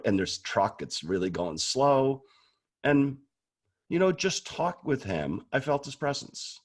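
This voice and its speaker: A man's voice: medium pitch, very animated, slow pace. A man talking casually and candidly about prayer, often restarting words as he goes. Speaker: guest speaker on prayer. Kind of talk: casual conversational talk.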